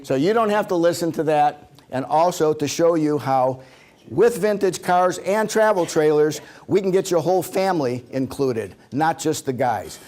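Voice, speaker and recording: A man presenting a seminar to a live audience, a joking storyteller who slips into acted quotes. His voice sits a bit higher than most men's. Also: animated, normal speed, a little mellow. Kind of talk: humorous seminar talk.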